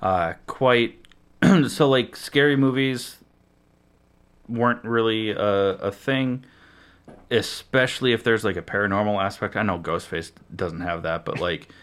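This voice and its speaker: A man's voice: lowish voice, measured pace. A man co-hosting a podcast in casual chat, laid-back and mostly giving short replies. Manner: laid-back, brief replies, relaxed prompting. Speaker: podcast co-host.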